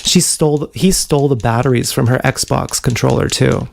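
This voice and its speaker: A man's voice: medium pitch, moderate pace, gravelly, a little hiss or hum. A man rambling through a profane personal story in a casual livestream monologue, recorded on an action camera mic.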